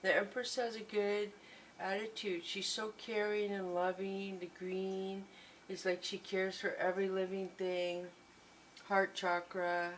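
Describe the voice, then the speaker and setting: A woman's voice: mid-range voice, flat delivery, measured pace, a little hiss or hum, low-quality recording. A woman giving a tarot reading, gushing and reassuring, often repeating her encouragements. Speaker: tarot reader.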